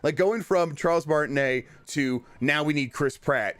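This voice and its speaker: A man co-hosting a podcast in casual chat, wry and rambling, often trailing off into low mutters. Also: normal speed, a bit bright, no echo. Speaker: podcast co-host.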